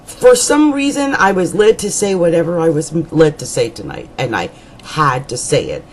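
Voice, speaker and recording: Woman astrologer, chatty horoscope host, pitch rising and falling a lot, loose and colloquial, repeats herself for emphasis. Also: sing-song, moderate pace, low-quality recording. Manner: rambling, colloquial and chatty, with asides and jokes. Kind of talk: monthly horoscope reading to camera.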